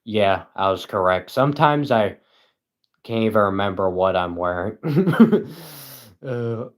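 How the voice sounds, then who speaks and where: A man livestreaming at home, reading chat aloud and answering with deadpan sarcasm and frequent chuckles. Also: lowish voice, slow pace.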